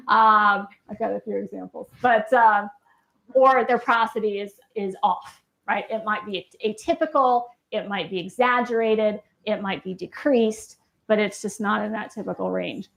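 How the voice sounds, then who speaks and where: A woman clinician speaks to a live audience in a university lecture room, her mid-range voice creaky and a bit bright at a moderate pace. She's conversational throughout, posing questions and capping points with "right?"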